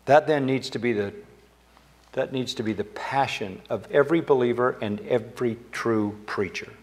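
An older man delivers a sermon from the pulpit in a church sanctuary. His voice sits at a middle pitch and grows emphatic, rising when he quotes Scripture. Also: moderate pace. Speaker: pastor.

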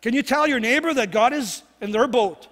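A man with an extremely high, fairly bright voice preaches a sermon as pastor at a normal speed in a church sanctuary. He's earnest and repetitive, often checking in with "right?", and the recording carries a long hall reverb.

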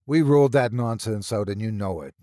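A man's voice: fairly low pitch, fairly quick, warm tone, no room sound, studio quality, natural voice. A man playing a scornful, snapping senior doctor. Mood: furious. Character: blustering sarcastic male senior psychiatrist.

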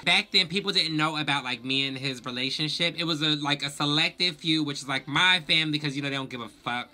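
A young man telling a storytime vlog in a sassy, profane, animated way. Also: fairly high pitch, fast. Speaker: vlogger.

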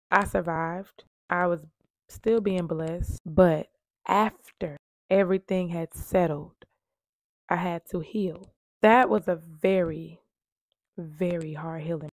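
A woman in her thirties tells her personal story straight to camera, earnest and conversational. Her voice sits low and carries a gravelly fry, and the recording is close and dry with no room sound. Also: dry recording. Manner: earnest, conversational, shifting from hushed to emphatic. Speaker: vlogger telling her survival story.

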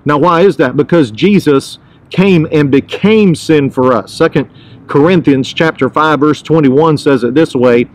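Earnest pastor, a man with a higher voice. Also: measured pace, low-quality recording. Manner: earnest, emphatic, repeats key phrases. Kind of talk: devotional podcast teaching.

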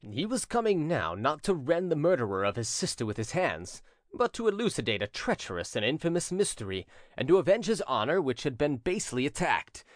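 A man narrating a classic crime story as an audiobook in a dramatic, expressive reading. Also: a little high, a little fast, dry recording, clean studio sound. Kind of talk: scripted narration.

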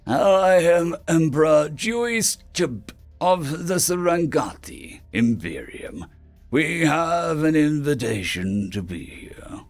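A stoic alien emperor, voiced by a male narrator, speaks in a measured, formal way. He stays calm and regal in a storybook reading, with faint music under him. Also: fairly high pitch, voice pushed up, exaggerated voice.

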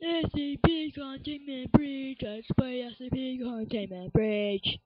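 An excitable woman giving casual gameplay commentary, breaking into shouted outbursts. Her voice sits high and she talks at an unhurried pace. The muffled, lo-fi recording has game music running underneath. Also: no echo. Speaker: gaming channel host.

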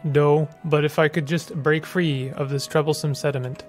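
Man reading as a whiskered creature thief, suave, flattering, scheming, video game character, slightly high voice. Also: moderate pace, faint music behind, lightly acted. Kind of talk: reading game dialogue aloud.

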